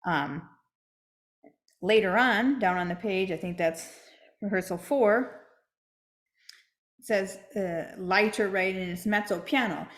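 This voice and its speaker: A woman's voice: medium pitch, slow pace, pauses often, reverberant. A woman teaching a flute masterclass, explaining step by step and checking in with "right?".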